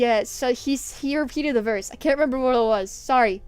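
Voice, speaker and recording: A young woman streaming, telling a story in casual chat, animated, swearing freely and laughing often. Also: high-pitched, brisk, hardly any pauses, clear, resonant tone, faint music behind.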